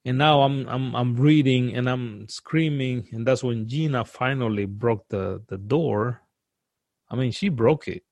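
A man who grew up outside the US, earnestly recounting a frightening personal experience as a guest, in a halting way that repeats words and restarts. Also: mid-range voice, darkish tone, no echo. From outside the US, now lives in the US. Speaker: guest telling a personal story.

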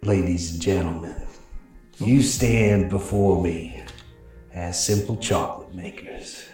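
A man playing a slow, solemn company owner. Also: sits low, a little mellow, voice pushed down. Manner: slow, halting, solemn delivery. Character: solemn male chocolate company owner making a speech. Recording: very echoey room, faint music.

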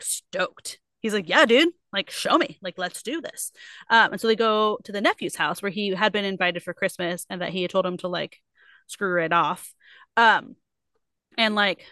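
A young adult woman co-hosting a casual book club podcast, retelling a story with lots of fillers and quick put-on quotes. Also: medium pitch, pushed and bright, clean tone, no echo. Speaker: podcast co-host.

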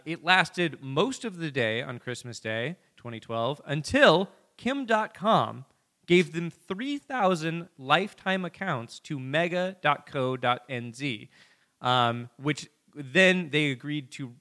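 Bright-voiced rambling podcast man. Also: on the high side, expressive, unhurried. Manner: rambling, filler-heavy storytelling. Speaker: podcast co-host. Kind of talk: casual comedic podcast chat.

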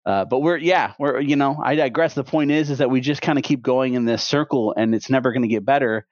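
A man's voice: mid-range voice, brisk, no echo. A man in his thirties co-hosting a podcast, talking casually with a rambling, opinionated manner and many restarts. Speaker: podcast co-host. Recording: dull, dry podcast audio.

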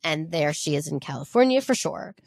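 A woman's voice: sits low, lively intonation, fairly quick, dry recording, studio quality. A woman podcast co-host telling a life story in casual, giggly chat and reading quotes aloud.

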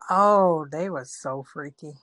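Woman with a low voice chatting about movies, laughs a lot, dry sound. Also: slow pace, no echo, rough recording. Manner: giggly, animated, acts out her reactions. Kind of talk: casual chat about movies.

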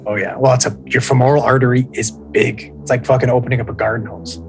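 A man's voice: mid-range voice, fairly even intonation, fast, music in the background, low-quality recording. A man co-hosting a casual podcast, telling a story with lots of swearing and reading listener posts aloud. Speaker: podcast co-host.

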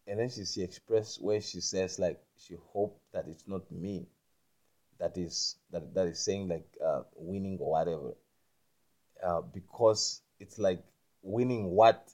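Guy riffing about spirit and energy, repeats himself a lot, gets loud n worked up. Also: medium pitch. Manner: repetitive, keeps asking "you understand me?"; grows loud and emphatic when indignant. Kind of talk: rambling spiritual monologue.

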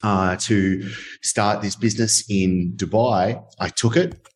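Brief: low-voiced Australian man in his thirties, candid guest, rambling, filler-heavy. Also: fairly even intonation, slow. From Sydney, Australia. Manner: candid, uses many fillers like "like" and "uh". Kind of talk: storytelling interview.

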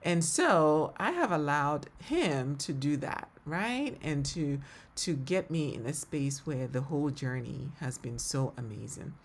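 A woman's voice: low-pitched, lively intonation, a little slow, a little hiss or hum. A woman with a Ghanaian accent hosting a faith-based podcast, talking in an earnest, heartfelt way and laughing often. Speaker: podcast host and ministry leader. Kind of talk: reflective faith-based solo podcast talk.

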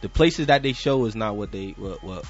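A man guesting on a casual show, rambling and halting, often repeating words. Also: fairly low pitch, expressive. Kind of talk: casual chat. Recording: dull lo-fi sound with faint music.

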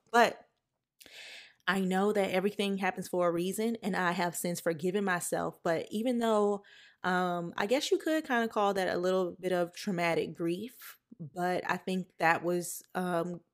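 A young woman hosting a podcast, telling a personal story in a candid, conversational way. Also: fairly low pitch. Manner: candid, conversational, emotional at times. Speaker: podcast host.

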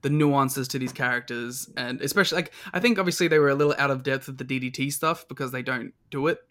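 Co-host, male, mid-pitched, enthusiastic, rambling casual delivery. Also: fast talker, bright, forceful tone. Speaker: podcast co-host. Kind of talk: casual chat.

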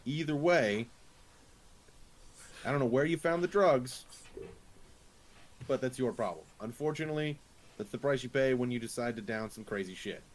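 A man's voice: medium pitch, expressive, normal speed, long pauses. A man playing a tabletop game, talking bluntly and matter-of-factly in character.

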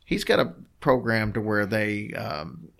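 A man's voice: fairly low pitch, big pitch swings, measured pace, vocal fry, a bit bright. A man co-hosting a podcast in easygoing, rambling casual chat, with plenty of fillers. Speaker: podcast co-host.

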